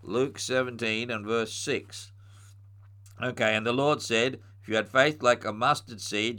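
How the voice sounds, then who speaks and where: Middle-aged guy preaching, bright clear tone, earnest, gets commanding. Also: lowish voice. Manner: earnest teaching, rises to forceful commands. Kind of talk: sermon.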